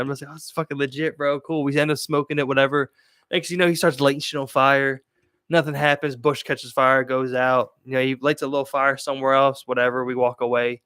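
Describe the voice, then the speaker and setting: A man's voice: mid-range voice, a bit bright, dry recording, studio quality. A young man from Maryland telling loose, profane stories as a podcast host, laughing as he goes. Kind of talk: casual chat, storytelling.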